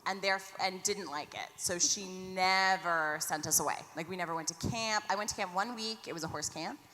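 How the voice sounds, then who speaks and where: A woman chatting casually on a convention panel, lively and quick to laugh. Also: on the low side. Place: large convention hall. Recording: reverberant hall with faint noise.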